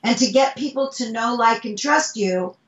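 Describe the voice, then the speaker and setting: A woman's voice: fairly high pitch, moderate pace. A woman who works as a speaking coach, chatting in an interview and acting out bits of dialogue as she tells stories. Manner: animated storytelling, acts out dialogue. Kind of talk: casual interview chat. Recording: roomy, distant, dull sound.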